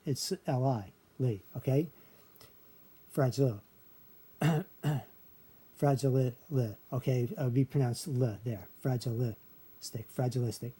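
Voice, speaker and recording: Here a video creator shares a memory trick through a laid-back screen-share lesson. He goes step by step, counting syllables out loud and tagging "okay" onto nearly each phrase, in a mellow mid-range voice with a breathy edge.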